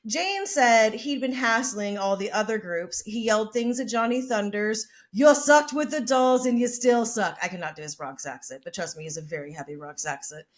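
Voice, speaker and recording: A woman podcast host telling a story in a brash, chatty, profane way. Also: a little high. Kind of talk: casual storytelling.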